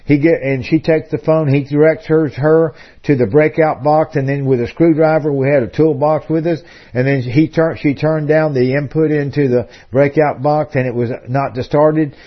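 A man's voice: on the high side, fairly even intonation, normal speed, hardly any pauses, highs cut off. A man hosting a talk radio program, telling a long story in a discursive way with frequent fillers and restarts. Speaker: radio host.

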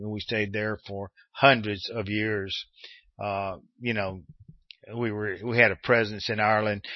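Rambling American radio host, dull sound. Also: male voice, mid-range voice, dry recording. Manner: rambling, many restarts and fillers. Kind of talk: casual radio talk.

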